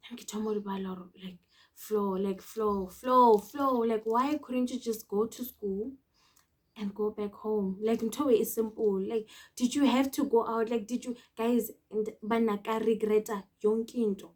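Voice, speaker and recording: A young woman in her twenties with a South African accent, telling a story to camera in an animated, code-switching way. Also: a little high, unhurried. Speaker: vlogger. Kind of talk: storytime vlog.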